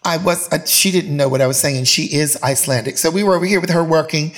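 A man's voice: on the high side, fast. A man hosting a casual chat, campy and bawdy, calling people honey. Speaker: host.

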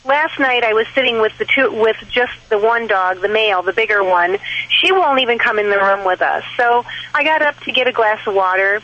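Woman caller over a tinny phone line, bright sharp voice, kinda hesitant with lots of ums. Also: a little high, brisk. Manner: hesitant, lots of ums, describes things at length. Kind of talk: call-in radio chat.

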